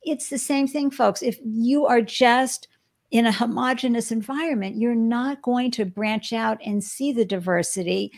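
Woman podcast host, chatty, talks to the audience, gravelly fry in her voice. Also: a little high, a little slow, a little mellow. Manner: chatty, addresses listeners directly. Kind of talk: casual interview. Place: Boston.

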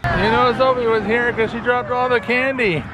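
A man's voice: very high-pitched, steady tone, moderate pace, over music, crowd noise. A man, chatting casually as a vlogger at a horse barn. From Canada. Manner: chatty, explains as he goes. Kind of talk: casual vlog talk.

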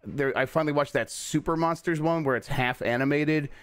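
A man's voice: fairly high pitch, fairly quick, a bit bright, smooth, no echo. Rambling, hesitant man, dry mic. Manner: rambling, hesitant, many fillers. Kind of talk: casual chat.

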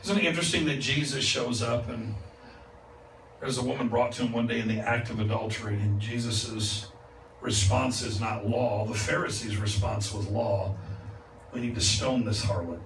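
A man preaching a revival sermon as a guest speaker, moving from calm teaching to loud, laughing exclamations. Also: mid-range voice, moderate pace. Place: church sanctuary. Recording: echoey church, distant mic, noisy. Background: congregation responding.

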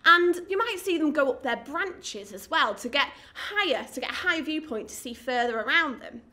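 A woman's voice: high-pitched, animated, moderate pace, pushed and bright. A woman, working as a zoo educator and giving an upbeat, encouraging lesson to children at home.

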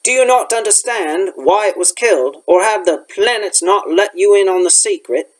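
A noble young centaur speaks with urgency and a protective edge, put on by a man reading a storybook aloud. The voice sits higher than his plain narration and pushes forward with force. The tone stays proud and serious. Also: normal speed, rough recording. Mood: angry.

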